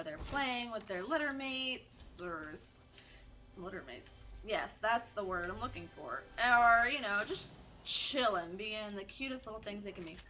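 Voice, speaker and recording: A woman telling a casual, animated story while playing a video game, chatty and theatrical. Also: on the high side, a little hiss or hum. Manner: chatty, animated, self-described drama kid. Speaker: gaming streamer.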